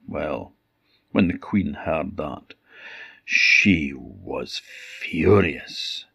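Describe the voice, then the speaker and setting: Guy telling an old fairytale, deep husky voice, dry dull lo-fi sound. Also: no echo. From Orkney Islands. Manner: unhurried, emphatic storytelling. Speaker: traditional storyteller. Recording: dull lo-fi recording.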